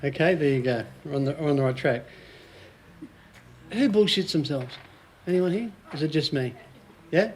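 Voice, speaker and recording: Australian man, 40s, motivational speaker, high voice, jokey storyteller, laughs a lot. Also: expressive, moderate pace, pauses often, a little hiss or hum. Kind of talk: live talk to a small audience.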